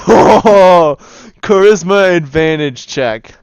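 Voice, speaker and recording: Laid-back male game master, crisp voice. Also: sits high, animated, extremely slow, dry recording. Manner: casual, laughing, voices many figures. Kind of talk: narrating a tabletop game.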